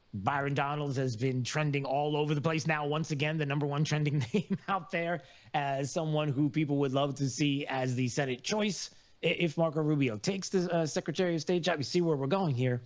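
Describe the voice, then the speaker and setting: A man hosting a live radio talk show, rambling with many fillers and sudden loud outbursts. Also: mid-range voice, highs cut off.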